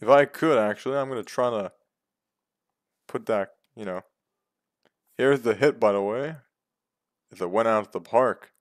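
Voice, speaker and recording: A man giving play-by-play commentary on a video game baseball league, calm between pitches and yelling on big hits. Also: normal speed, long pauses, no room sound, studio quality. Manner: jumps from calm calls to loud excited yells.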